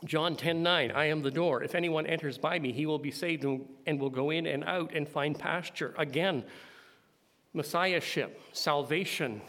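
A man preaching a sermon, building to loud emphatic climaxes. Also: a little high, moderate pace. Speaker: pastor. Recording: long hall reverb.

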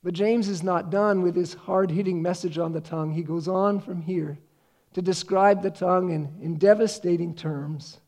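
A man preaching a sermon, earnest, slowing down to read scripture with emphasis. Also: high voice, fairly even intonation, a little mellow. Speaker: pastor.

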